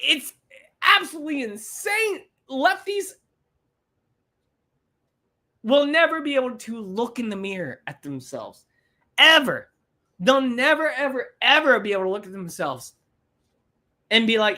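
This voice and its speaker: High-voiced woman ranting on a podcast. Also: animated, normal speed, sharp tone. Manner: ranting, profane, repetitive. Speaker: podcast host. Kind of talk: livestream podcast rant.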